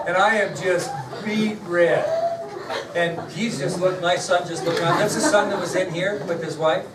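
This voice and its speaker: A man's voice: high-pitched, steady tone, moderate pace. A middle-aged man teaching a class, chatting directly with his students as he recounts a story. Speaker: history teacher. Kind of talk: classroom lecture with a personal story. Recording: echoey classroom from far off, noisy.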